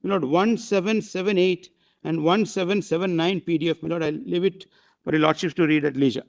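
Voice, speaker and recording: A man's voice: fairly high pitch, fairly even intonation, a little fast, gravelly. A man arguing a case before a bench of judges, deferential and hesitant, constantly saying "my lord". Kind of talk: courtroom argument.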